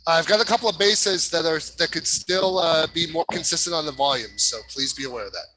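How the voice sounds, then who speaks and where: A man's voice: on the high side, brisk, sharp tone, a little hiss or hum, poor audio. A man coaching a choir over a video call, giving precise notes and singing short examples. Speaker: vocal coach.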